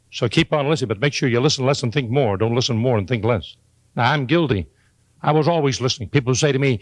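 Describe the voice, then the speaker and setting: An older man giving a folksy, joking motivational speech to a live audience. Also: no room sound. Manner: homespun, joking, swings to high excited peaks. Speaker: motivational speaker.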